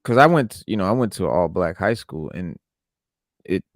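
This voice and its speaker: Laid-back low-voiced man telling stories. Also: sing-song, normal speed, no echo, clean studio sound. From New York. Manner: laid-back slangy storytelling. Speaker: podcast co-host. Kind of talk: casual chat.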